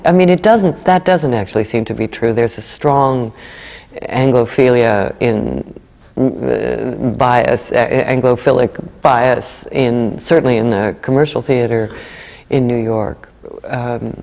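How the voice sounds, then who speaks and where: Mellow-voiced woman, halting, echoing hall. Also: very deep voice, fairly even intonation, vocal fry. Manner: hesitant, many fillers and restarts. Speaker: guest actor. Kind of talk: conversational interview.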